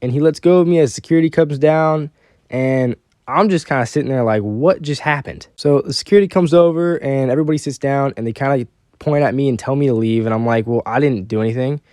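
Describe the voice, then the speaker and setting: A young man casually telling a personal story, animated and quoting the people in it. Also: mid-range voice, quick pace, clear, resonant tone, dry recording, clean studio sound.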